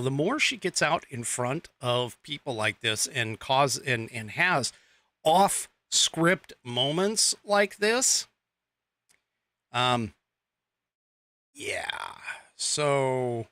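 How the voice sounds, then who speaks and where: A male podcast host delivers a political monologue at an unhurried, drawn-out pace, with a bright, forward tone. He halts often, restarts his sentences, and slips in sarcastic asides. The sound is dry and close, with no room echo. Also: medium pitch. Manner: rambling, halting with many fillers and restarts, sarcastic asides.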